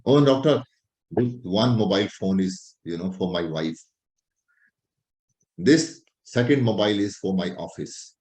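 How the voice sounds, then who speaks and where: A man's voice: lowish voice, animated, a little slow, long pauses, darkish tone, pitched below the performer's own voice. A man acting out a boastful, self-important male patient who shows off his wealth to his doctor. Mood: defensive. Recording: roomy echo.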